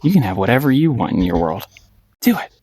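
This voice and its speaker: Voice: medium pitch, very animated, quick pace, darkish tone, husky. A painting instructor giving a casual paint-along tutorial, playful and encouraging, often giggling and repeating short phrases.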